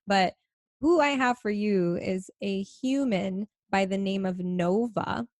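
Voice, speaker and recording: A woman's voice: mid-range voice, slow pace, a little mellow, no echo, clean studio sound. A woman hosting her own podcast in a casual, bubbly chat, swearing freely and laughing often. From Middle Eastern. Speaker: podcast host. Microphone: home podcast microphone.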